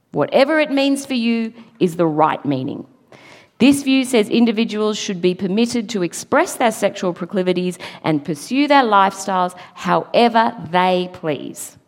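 A middle-aged woman giving an earnest, emphatic church talk, now and then laughing at her own slips. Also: mid-range voice. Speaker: preacher. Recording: long hall reverb.

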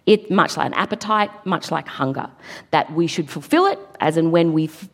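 A woman's voice: sits low, moderate pace. Earnest woman preaching in a hall. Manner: earnest, emphatic, laughs at her own slips. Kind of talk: church talk. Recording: long hall reverb.

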